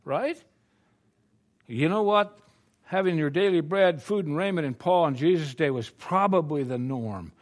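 In a fairly high voice and at a measured pace, an older man from the United States preaches a sermon. He keeps it folksy and conversational, asking one rhetorical question after another.

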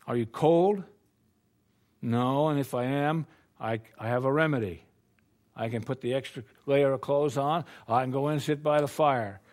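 Speaking at normal speed in a mid-range, darkish voice, an older American man delivers a sermon. His preaching is folksy and conversational and leans heavily on rhetorical questions.

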